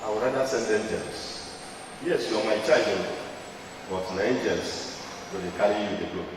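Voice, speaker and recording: A man's voice: lowish voice, unhurried, background noise. A man with a Nigerian Igbo accent preaching a sermon, emphatic and repetitive, questioning the congregation and slipping into Igbo and Pidgin. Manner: emphatic, repeats phrases, asks the congregation questions. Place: large church hall. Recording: echoey church hall, voice from far off.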